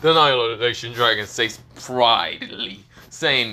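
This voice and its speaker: A man with a sore, coughing throat narrates an improvised fan story. He rambles, leaning on "this is where, well" and restarting his sentences, and his voice sounds bright and forward. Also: medium pitch, expressive, normal speed.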